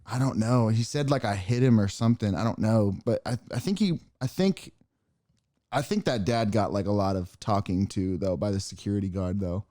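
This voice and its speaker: Man, podcast co-host, mellow tone, dry close sound, rambling storyteller. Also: lowish voice, normal speed, dry recording. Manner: rambling, animated retelling with many fillers. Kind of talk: casual chat, storytelling.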